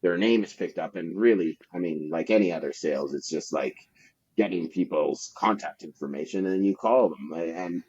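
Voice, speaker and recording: Heard on dull, lo-fi podcast audio, a man with a deep, husky and somewhat mellow voice rambles through casual anecdotes about his sales work. He swears a lot and leans heavily on fillers.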